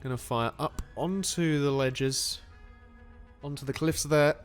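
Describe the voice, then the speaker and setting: A man giving excitable, animated play-by-play commentary on a strategy game. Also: fairly high pitch, takes it slowly, clean tone, faint music behind.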